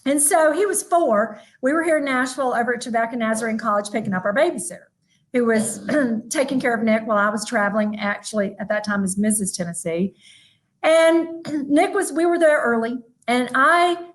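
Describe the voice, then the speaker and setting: A woman from North Mississippi with a Southern accent, giving a motivational keynote talk in a folksy, animated way, speaking straight to her audience. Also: fairly high pitch, moderate pace, low-quality recording. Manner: folksy, animated storytelling with y'all and asides to the audience. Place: virtual event from a room with a small audience.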